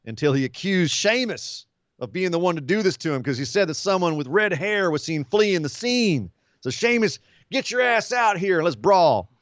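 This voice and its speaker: A man co-hosting a wrestling podcast in casual chat, animated and sarcastic. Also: dry recording. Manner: animated, sarcastic, swings up in pitch when exasperated. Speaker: podcast co-host.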